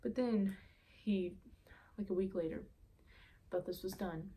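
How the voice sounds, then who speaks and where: A young woman vlogger tells a story in a casual, chatty way, sounding exasperated and saying "like" constantly. Her medium-pitched voice is mellow and a little slow.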